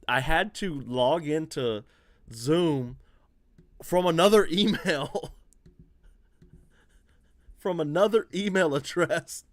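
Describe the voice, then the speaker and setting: A man's voice: a little high, slow pace, long pauses, no echo. A man hosting a casual livestream chat over a video call, laughing often and talking in easygoing slang. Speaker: podcast host. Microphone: home computer mic on a video call.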